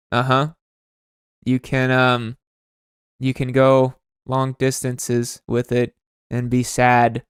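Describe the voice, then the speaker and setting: A young man hosts a comedic livestream, sarcastically roasting viewers' motorcycles with mock exasperation, and his voice leaps high whenever he acts outraged. The recording is smooth, clean studio sound with no echo.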